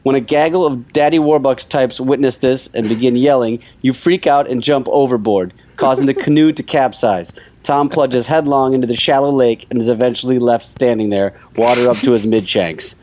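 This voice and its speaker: A man's voice: mid-range voice, moderate pace, hardly any pauses, a little mellow. Dry male podcast host reading quiz questions.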